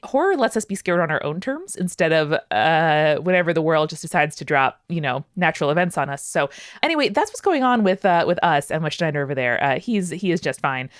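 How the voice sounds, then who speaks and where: A woman co-hosting a podcast in casual chat, animated and playfully dramatic. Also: sits low, a little fast, no room sound, studio quality. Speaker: podcast co-host.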